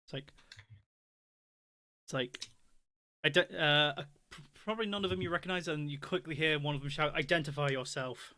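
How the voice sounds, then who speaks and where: A man's voice: on the high side, moderate pace, pauses often, sharp tone. A man narrating as game master in a casual online tabletop session, rambling and laughing often.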